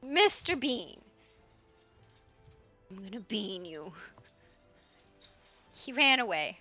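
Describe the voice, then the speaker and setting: A woman's voice: mid-range voice, sing-song, slow pace, sharp tone. A woman streaming from home in casual, chatty talk, swearing freely and baby-talking to her dogs, heard over a dull lo-fi recording with faint music. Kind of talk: casual chat.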